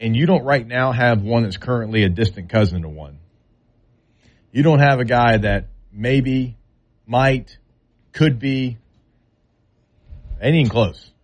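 A man's voice: medium pitch, unhurried, pauses often. A man talking football in a casual, drawling way, with loose everyday grammar, as a sports talk co-host.

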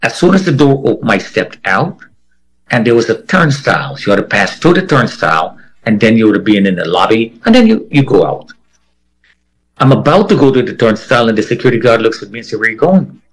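A man's voice: medium pitch, big pitch swings, fairly quick, breathy edge, rough recording. A man giving a first-person account in an interview, vividly acting out the voices of the people he quotes. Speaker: interviewee telling a personal story.

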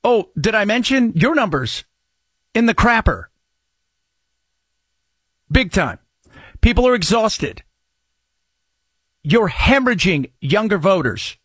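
A man hosting a talk radio show, speaking sarcastically and bursting into mocking shouts in a high voice. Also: big pitch swings, takes it slowly, pauses often, husky, dry recording, clean studio sound. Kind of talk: opinionated talk radio monologue.

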